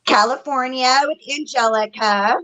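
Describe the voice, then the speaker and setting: A woman's voice: high voice, moderate pace, bright, forceful tone, low-quality recording. A woman hosting a casual livestream, chatting, laughing and greeting viewers by name as a psychic reader.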